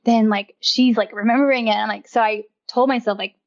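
A woman's voice: fairly high pitch, steady tone, fairly quick, dull audio. A woman in casual conversation as a guest, talking freely with a lot of "like" and laughing often. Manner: chatty, uses "like" constantly, laughs often. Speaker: podcast guest. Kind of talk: casual chat.

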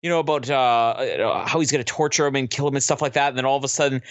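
A man co-hosting a podcast, talking enthusiastically over a film with quick bursts of laughter. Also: mid-range voice, no echo, muffled recording. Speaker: podcast co-host. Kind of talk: casual movie commentary.

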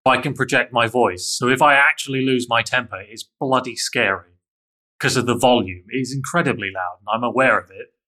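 A man's voice: medium pitch, brisk, pushed and bright. A man telling a candid, self-critical personal story in an interview, with frequent restarts.

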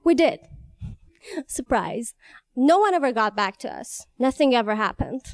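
A woman's voice: on the high side, animated, a little slow, no echo. A young woman tells a personal story, candid and wry, often laughing between lines. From Iran. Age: young adult.

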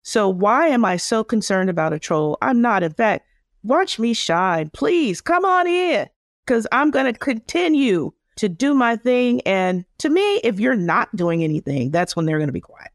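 A woman's voice: medium pitch, very animated, moderate pace, no room sound, clean studio sound. A woman HR consultant answering as an interview guest, speaking in an assertive, emphatic way.

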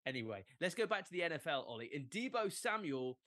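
Animated English man, lively podcast chat. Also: medium pitch, fairly quick, no echo. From England. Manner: animated, jokey, fond of asides. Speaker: podcast co-host. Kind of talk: casual chat.

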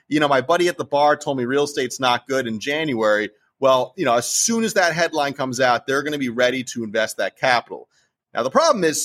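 A man's voice: mid-range voice, fairly bright tone. A man with a New Jersey accent, speaking as a guest in a casual interview and talking animatedly and emphatically about investing. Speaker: real estate investor guest.

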